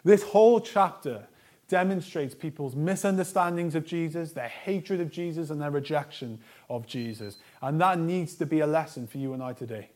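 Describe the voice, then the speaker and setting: Earnest preaching man, slightly high voice. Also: normal speed. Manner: earnest, with emphatic repeated lists; swings between a soft, low voice and loud stresses. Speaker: pastor. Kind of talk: sermon.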